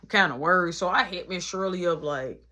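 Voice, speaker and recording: A woman telling a story in a casual storytime vlog, in a slangy, animated manner. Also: fairly low pitch, a little fast.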